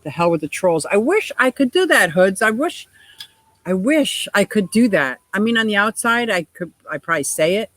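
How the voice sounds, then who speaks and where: A woman's voice: medium pitch, sing-song, normal speed, fairly bright tone, no room sound, low-quality recording. A middle-aged woman hosting a casual livestream chat, reading out viewer comments and laughing often. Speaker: livestream host.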